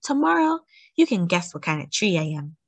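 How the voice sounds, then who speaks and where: A woman voicing an excited little girl in a storybook read-aloud, with a bright, eager and playful delivery. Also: lowish voice, a little fast, vocal fry, no echo, full character voice.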